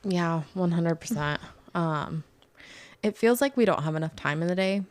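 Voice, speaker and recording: A woman's voice: on the low side, normal speed, no echo. A young woman co-hosting a podcast, talking in an easygoing, conversational way with frequent fillers. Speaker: podcast co-host. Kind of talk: casual chat.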